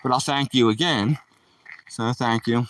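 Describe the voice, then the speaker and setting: A man rambles casually to his live-stream viewers as he walks outdoors on a country dirt road. His voice sits at a middling pitch and sounds dry, with the phone mic held a little away from him. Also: unhurried, fairly bright tone, no echo, distant mic, rough recording. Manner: chatty, loose, talks to viewers in the chat. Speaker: vlogger live streaming a dog walk.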